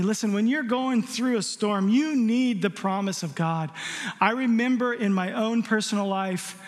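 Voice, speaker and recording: A middle-aged pastor delivers a sermon in a strikingly high voice, telling stories with humor and firing off rhetorical questions. His words ring out with a long reverb from a church hall. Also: normal speed. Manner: animated storyteller, jokes and rhetorical questions.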